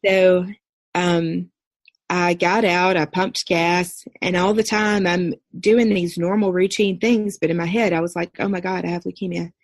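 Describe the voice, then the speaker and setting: A woman's voice: fairly low pitch, a little slow, no room sound. Woman in her thirties, dry close recording. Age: 30s. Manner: earnest, steady recounting with brief quoted dialogue. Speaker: podcast guest. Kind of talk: personal storytelling.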